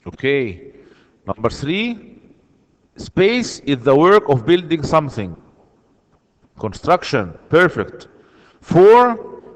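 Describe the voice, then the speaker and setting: A slightly high-voiced man teaching English online, working patiently through the exercises. He repeats key words and answers for his students. His voice trails a long reverb.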